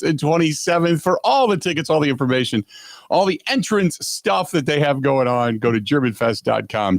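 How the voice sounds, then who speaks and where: A man's voice: fairly high pitch, no echo. Rambling sports radio host man, dry studio sound. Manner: rambling, stumbles and repeats himself, exasperated. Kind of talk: casual sports talk radio.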